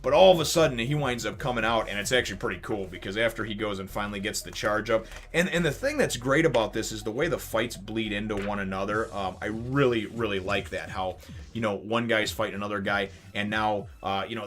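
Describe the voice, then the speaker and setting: A man casually reviewing a comic chapter, animated and rambling, often laughing as he retells it. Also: lowish voice. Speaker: manga review channel host.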